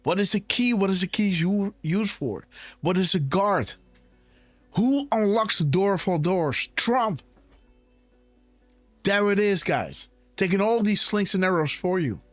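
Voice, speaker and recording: A man's voice: high voice, expressive, unhurried, fairly bright tone, no echo, faint music behind. A man hosting a live political commentary show, talking insistently in rhetorical questions and often turning to his audience. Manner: insistent, rhetorical, keeps saying "guys" and "right?". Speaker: host of a live decode show.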